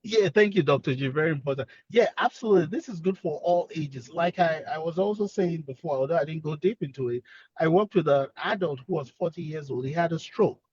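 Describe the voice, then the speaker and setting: Male speech therapist, earnest explainer, higher voice, dull dry sound. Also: brisk, darkish tone, slightly rough, no room sound. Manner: earnest, explanatory, repeats key points. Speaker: speech-language pathologist guest. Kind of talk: expert explaining on a webinar.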